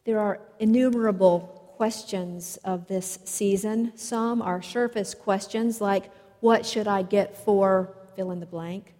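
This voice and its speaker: Slow-speaking woman preacher in a reverberant hall. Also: medium pitch, fairly even intonation, mellow. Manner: slow, measured storytelling delivery. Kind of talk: sermon. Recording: long reverb of a large hall.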